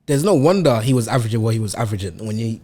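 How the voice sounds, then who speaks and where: A man co-hosting a casual sports podcast, his pitch swinging widely as he talks. He teases the others and keeps the banter moving. His delivery is animated and expressive. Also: very fast. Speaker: podcast co-host.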